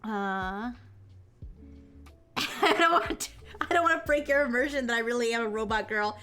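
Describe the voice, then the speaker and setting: A woman's voice: fairly high pitch, unhurried, sharp tone, clean tone, soft background music. A young woman VTuber chatting casually on a live stream, giggly and rambling. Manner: giggly, rambling, self-mocking.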